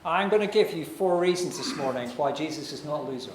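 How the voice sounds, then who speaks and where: A man preaching a sermon as pastor, earnest and persuasive, with dramatic pauses. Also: fairly high pitch, expressive, background noise. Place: church hall. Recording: echoey church hall.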